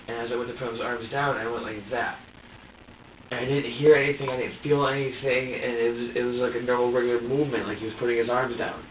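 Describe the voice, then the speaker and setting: Halting man in an echoey interrogation room. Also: mid-range voice, little pitch movement, slight background noise. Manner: halting, repeats himself, swears. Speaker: suspect under police questioning. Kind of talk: recounting events in an interrogation. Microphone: distant room camera mic. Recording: dull, echoey room audio from far off.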